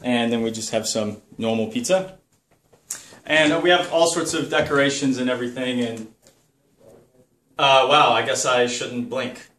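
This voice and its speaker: A man's voice: mid-range voice, normal speed, long pauses. Man, vlog host, enthusiastic, casual party talk, echoey room. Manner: enthusiastic, excitable. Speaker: video host. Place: dining room at home during a party. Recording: roomy sound from a distance.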